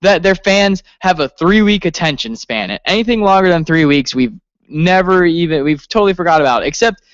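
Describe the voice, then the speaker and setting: Man co-host, slightly high smooth voice, excitable, swears a lot, dry dull recording. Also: brisk, no room sound. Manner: excitable, swears often, laughs while telling. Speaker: podcast co-host. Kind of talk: casual wrestling review chat.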